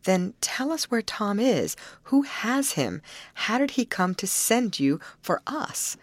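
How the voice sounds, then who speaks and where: A woman voicing a sensible young woman who asks quick, firm questions and speaks gently. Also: mid-range voice, big pitch swings, no echo, voice pushed up. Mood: urgent.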